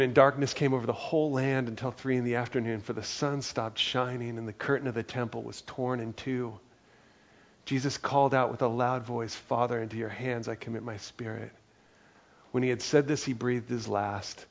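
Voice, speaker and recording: A man preaching a sermon in an earnest, conversational way, his voice carrying a gravelly edge. He speaks at a middle pitch and keeps checking in with "right?" between thoughts. The recording sounds a little dull and lo-fi. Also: fairly even intonation, moderate pace. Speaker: pastor.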